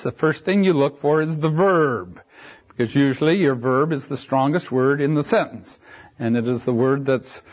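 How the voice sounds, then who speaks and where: A man preaches a Bible sermon in a high, animated voice that swoops up and down. He takes his time, leaning on key words and pausing for brief asides. The recording is dull and lo-fi. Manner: animated preaching with sudden rises and drops in pitch; slow, emphatic delivery with brief asides and restarts.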